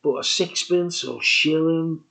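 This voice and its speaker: A man's voice: fairly high pitch, a little slow, vocal fry, sharp tone. A man in his sixties rambling through a childhood story for his viewers, with digressions and chuckling asides. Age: 60s. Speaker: vlogger. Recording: dull lo-fi recording.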